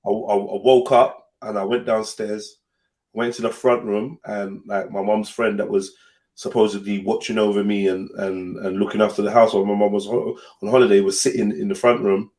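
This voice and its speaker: On the low side and at normal speed, a young podcast host's voice carries a personal story told in casual chat. He's animated, cursing freely and doing voices for the characters in his tale.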